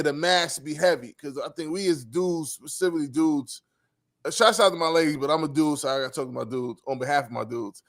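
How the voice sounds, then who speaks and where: A man hosting a casual interview, slangy and laid-back, animated when he gets going. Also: a little high. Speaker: podcast host.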